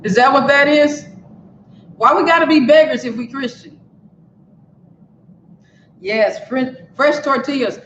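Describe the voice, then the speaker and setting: A woman's voice: high voice, a little slow, long pauses, a bit bright, slight background noise. A woman hosting a casual live cooking stream from her home kitchen, chatting straight to her viewers. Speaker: cooking show host. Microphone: camera on a stand for a live stream. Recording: roomy, dull kitchen sound.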